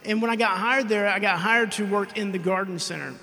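Creaky bright-voiced man preaching. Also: high-pitched, brisk. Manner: storytelling, acts out quoted exchanges, frequent throat clearing. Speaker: pastor. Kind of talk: sermon with personal story.

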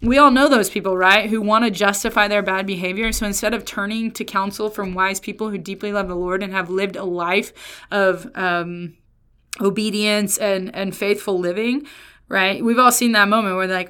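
A woman's voice: mid-range voice, fairly even intonation, moderate pace, bright, forceful tone, clean tone. A woman giving a casual Bible teaching, chatty and emphatic, often breaking off mid-sentence. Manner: chatty, emphatic, self-interrupting.

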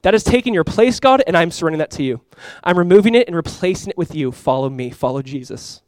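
A man's voice: fairly high pitch, animated, quick pace, dry recording. A man preaching a sermon as pastor, conversational and emphatic, talking to the congregation and inviting them to respond. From California.

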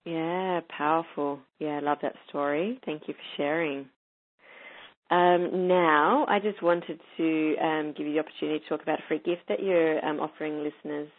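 A woman's voice: deep voice, fairly even intonation, moderate pace. A woman hosting an interview and chatting casually, with frequent ums. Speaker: interview host. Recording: tinny phone-line sound.

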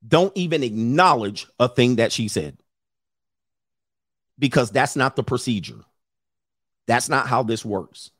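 Animated profane man giving blunt advice. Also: medium pitch, unhurried, pauses often, no room sound, clean studio sound. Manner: animated, profane, mimics others in raised voices. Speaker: podcast host giving advice. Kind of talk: casual advice talk.

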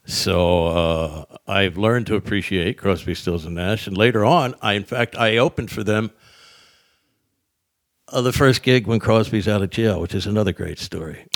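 Gravelly low-voiced older comedian. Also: male voice, moderate pace, no room sound, clean studio sound. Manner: animated storyteller, acts out quotes in raised voices. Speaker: comedian guest. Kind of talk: casual storytelling chat.

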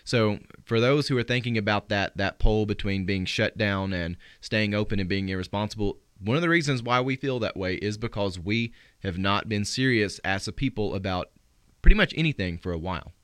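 A male pastor giving a live-streamed sermon, answering questions sent in by listeners and reading scripture slowly for emphasis. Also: fairly low pitch, fairly bright tone, clean tone, dry recording. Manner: earnest, reflective, quotes scripture with slowed emphasis.

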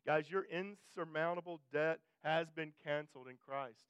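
A man's voice: fairly high pitch, moderate pace, fairly bright tone, smooth, no room sound, lo-fi sound. A male pastor preaching a sermon in a conversational way, often restarting and repeating phrases and pushing his voice up for emphasis.

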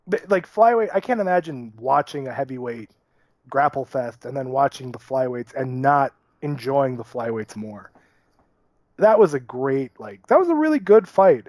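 A man's voice: mid-range voice, a little mellow, no echo. A man co-hosting a podcast, breaking down a fight in a casual, opinionated and wry way. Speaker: podcast co-host. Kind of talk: casual sports chat.

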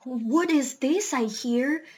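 A woman's voice: sits high, unhurried. A woman reading aloud, voicing a dreamy young prince who speaks in a theatrical way.

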